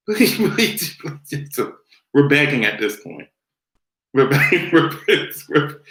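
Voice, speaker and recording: A man's voice: fairly high pitch, sing-song, slow pace, long pauses, a bit bright, echoey room. A man hosting a casual commentary vlog, sassy and profane, laughing often as he talks. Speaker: host.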